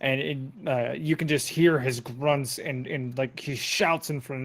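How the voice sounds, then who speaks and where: A man's voice: medium pitch, steady tone, measured pace. A man narrating as game master of a tabletop game, talking casually with many fillers.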